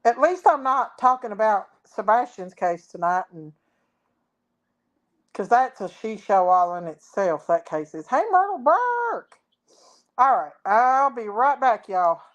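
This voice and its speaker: Slow-talking chatty woman livestreaming. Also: medium pitch, lively intonation, muffled recording. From Tennessee. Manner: rambling, chatty, talks to viewers as y'all. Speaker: livestream host. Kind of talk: casual livestream chat. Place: farm, outdoors then indoors at home. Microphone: phone or laptop.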